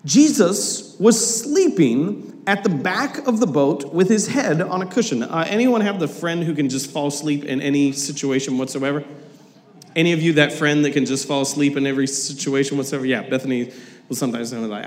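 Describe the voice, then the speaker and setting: High-voiced pastor in an echoing hall. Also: male voice, normal speed. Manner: animated storytelling, acting out quotes with humor. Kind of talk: sermon. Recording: long reverb of a large hall.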